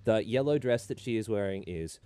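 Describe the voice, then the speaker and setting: A man's voice: on the low side, lively intonation, brisk, warm tone, smooth, dry recording. A man co-hosting a podcast, recapping a reality show in casual, wry chat and laughing often. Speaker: podcast co-host.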